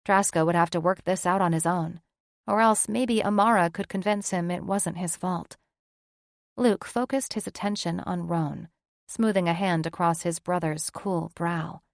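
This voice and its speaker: A woman narrating a fantasy romance audiobook in an even, measured way. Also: on the low side, vocal fry, no room sound, clean studio sound. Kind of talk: scripted narration.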